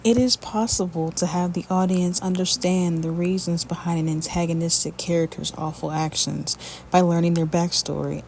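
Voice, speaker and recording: Woman, low pitch, blunt and profane, casual commentary rant, faint hiss behind. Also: a little mellow. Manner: blunt, profane, ranting then chatty. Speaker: commentary video creator.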